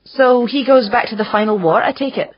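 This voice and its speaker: Narrator plays a sharp-tongued young woman, brisk and a little bitter; husky tone. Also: on the high side, dull audio, pitched above the performer's own voice, natural voice. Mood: sardonic. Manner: brisk, sardonic, uses Scots words. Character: blunt, quick-witted young woman, bitter edge.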